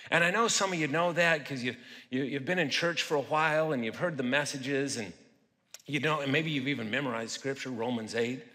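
A man's voice: mid-range voice, fairly quick, sharp tone. A middle-aged man delivering a sermon, talking casually and asking the congregation questions. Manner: conversational, asks the audience questions. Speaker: guest pastor and psychologist. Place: church auditorium. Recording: long hall reverb.

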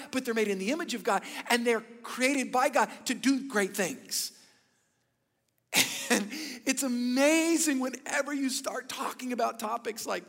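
A man in his thirties preaching a sermon, telling stories with bursts of loud emphasis and hushed, whispered asides. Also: high-pitched, gravelly, long reverb tail. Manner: animated storytelling, swings between loud emphasis and hushed whispers. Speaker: pastor.

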